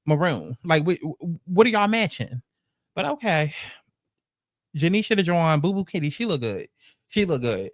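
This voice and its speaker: Brief: young man, New York accent, sassy profane recap host, slightly high voice, dry close sound. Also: dry recording. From the Bronx, New York. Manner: sassy, animated, profane storytelling with mock quotes. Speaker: commentary host. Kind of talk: reality show recap commentary.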